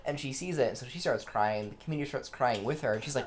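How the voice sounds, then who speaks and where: A young man co-hosting a casual film review, summarizing the plot in quick, joking quoted bits. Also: mid-range voice.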